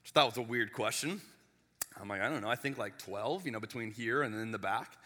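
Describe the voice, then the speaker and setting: A man, the lead pastor, telling a story in a chatty, animated sermon in a church sanctuary. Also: fairly low pitch, a little fast. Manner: animated, chatty, with frequent restarts and asides. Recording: long reverb of a large hall.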